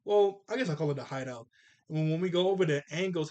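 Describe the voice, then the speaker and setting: A man casually recapping a cartoon episode, animated and chatty, acting out the characters' lines in jokey voices. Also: a little high, fast talker. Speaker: cartoon reviewer.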